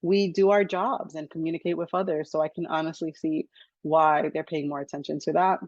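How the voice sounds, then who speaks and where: A woman's voice: low-pitched, fairly even intonation, fairly quick, a little mellow, dry recording. A woman podcast host in casual interview chat, talking in a loose, conversational way with laughs and filler words. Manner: chatty, with laughs and "you know, like" fillers. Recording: dull, dry, lo-fi audio.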